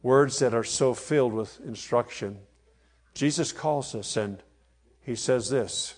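A pastor delivers a sermon in a measured, unhurried cadence. His voice sits at an ordinary male pitch, and he leans hard into key phrases, often growing suddenly loud as he reads with his congregation. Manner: slow, emphatic preaching, swelling loud on key phrases.

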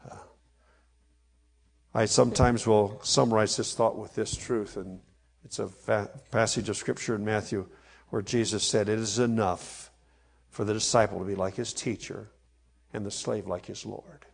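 A man preaching a sermon, leading his congregation in a slow, emphatic reading and swelling loud on key phrases. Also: lowish voice, fairly even intonation, vocal fry, husky. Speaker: pastor.

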